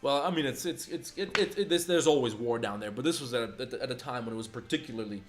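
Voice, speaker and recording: In his twenties, a livestream host with a mid-range voice rants heatedly at a quick pace. He swears and fires off rhetorical questions.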